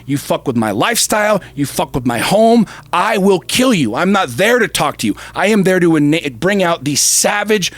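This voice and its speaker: Guy ranting hard on a podcast, lots of swearing and repeating himself, voice a bit high, dry close mic. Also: dry recording. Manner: forceful, profane, emphatic repetition; swings from shouting to low intensity. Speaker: podcast co-host. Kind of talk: heated podcast rant.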